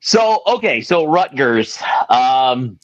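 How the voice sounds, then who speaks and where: A man's voice: medium pitch, sing-song, slow pace, highs cut off. A man hosting a casual sports podcast, playful, reading out viewer comments. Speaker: podcast host. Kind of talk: casual chat.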